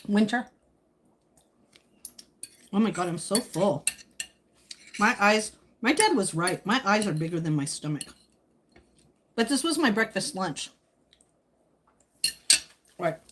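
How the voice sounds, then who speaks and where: A woman hosting a casual live stream, answering viewer comments in a chatty, teasing way, with a slightly husky voice. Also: mid-range voice, a little slow, pauses often, slight background noise. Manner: speaks while eating. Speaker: livestream host chatting with viewers.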